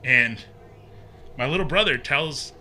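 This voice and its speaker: Bright-voiced man telling a story. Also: mid-range voice, slow, slight background noise. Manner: animated, acts out quoted voices, many fillers. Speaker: podcast guest, haunted maze builder. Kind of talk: casual storytelling.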